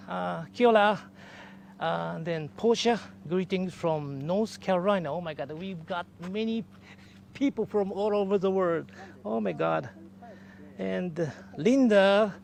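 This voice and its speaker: A man guiding a live-streamed walking tour outdoors by a lake. He speaks haltingly with many fillers, and sounds excited when greeting viewers. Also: sits high, slight background noise. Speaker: live virtual tour guide.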